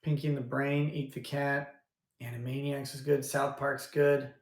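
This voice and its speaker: A man's voice: medium pitch, little pitch movement, moderate pace. Rambling man on a roomy livestream. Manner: rambling, thinks aloud with restarts. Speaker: livestream host. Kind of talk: casual livestream chat. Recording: roomy echo.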